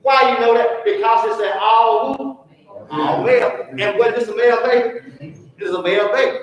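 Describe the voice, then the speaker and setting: A man's voice: very high-pitched, moderate pace, dull audio. A man teaching a Sunday school lesson, quizzing the class with questions. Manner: call-and-response questioning. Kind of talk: church Bible lesson. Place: church. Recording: echoey church room, from far off.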